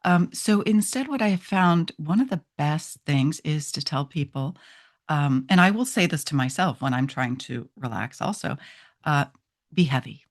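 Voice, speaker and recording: A middle-aged woman with a low, grounded voice talks through self-hypnosis techniques. She speaks gently and conversationally, often pausing with ums and restarting her sentences as she guides the listener toward relaxation. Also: expressive. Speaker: chiropractor teaching self-hypnosis. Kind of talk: instructional talk on self-hypnosis.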